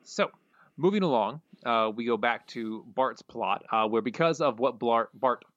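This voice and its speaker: A man's voice: medium pitch, expressive, unhurried, a bit bright. A man co-hosting a podcast in casual chat, recapping steadily with frequent "uh"s, on a dull lo-fi mic. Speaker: podcast co-host.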